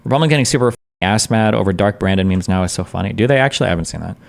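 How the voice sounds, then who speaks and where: A man's voice: on the low side, lively intonation, rapid-fire, creaky. A man streaming casual commentary as he reacts to a debate, blunt, profane and sarcastic.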